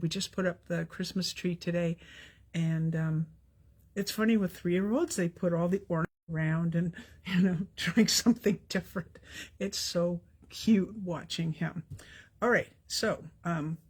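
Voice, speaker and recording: A woman's voice: on the low side, fairly even intonation, unhurried, slightly rough. An older woman, chatting with viewers as she demonstrates a craft on a live stream, friendly and self-deprecating. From Canada. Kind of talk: casual live-stream tutorial.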